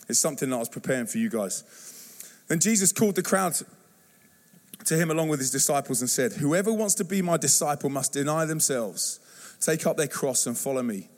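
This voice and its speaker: A man preaching a youth-focused sermon in a church, telling stories and acting out voices with animated energy. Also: mid-range voice. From England. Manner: animated storytelling, acts out youth slang and voices. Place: church hall.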